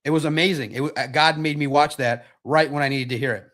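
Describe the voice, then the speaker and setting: A man hosting a sports podcast live stream, chatting casually in an animated, repetitive way with frequent restarts. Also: fairly high pitch, quick pace.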